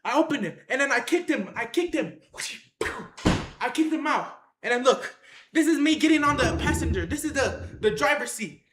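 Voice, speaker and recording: In a reverberant space, a high-pitched storyteller tells a wild tale to the camera at normal speed, using casual slang. The delivery is animated, with acted-out scenes, sound effects, repeated phrases, and shouted lines.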